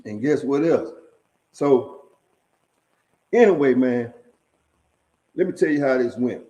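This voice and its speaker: A man's voice: medium pitch, expressive, slow, dark tone, poor audio. A middle-aged man telling stories about his years in prison in a casual, profane, streetwise way, tagging lines with "man" and "right?" and chuckling at his own tales. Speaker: storyteller sharing prison stories. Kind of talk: casual storytelling monologue.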